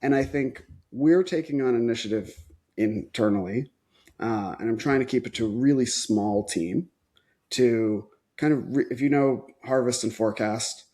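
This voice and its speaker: A man's voice: medium pitch, normal speed, darkish tone. A man who runs an agency, thinking aloud in a casual podcast conversation and often restarting his sentences. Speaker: agency owner.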